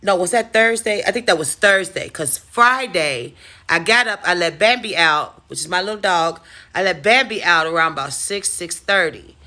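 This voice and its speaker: A woman telling a personal story to camera in a casual vlog, animated and freely cursing. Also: fairly low pitch, normal speed. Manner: animated, profane, dramatic storyteller. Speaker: storytime vlogger.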